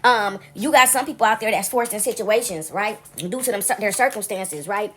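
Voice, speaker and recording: A woman's voice: mid-range voice, normal speed, background noise. A woman talking casually to her viewers in a rambling, frank monologue, often checking in with "right?". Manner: rambling storytelling, keeps asking "right?"; frank, animated venting.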